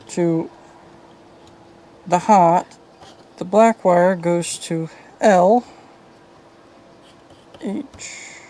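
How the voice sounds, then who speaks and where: Working at a bench on a fan's wiring, a woman hosting a video mutters and thinks aloud in a casual, low-key way. Her voice has vocal fry and a darkish tone, and the low-quality recording carries a little hiss or hum.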